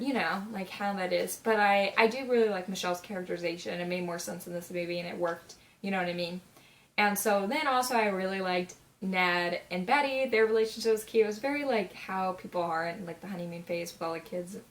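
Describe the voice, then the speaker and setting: A nineteen-year-old woman reviewing a movie in a casual vlog, gushing and chatty, her sentences full of filler words, now and then jumping into loud, high exclamations. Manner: chatty, gushing, full of "like" and "you know what I mean".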